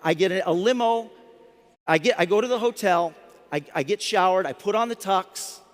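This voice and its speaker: High-voiced man telling stories in a hall. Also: normal speed. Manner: animated storytelling, restarts words often. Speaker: motivational speaker. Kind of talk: storytelling talk to a live audience. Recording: long hall reverb.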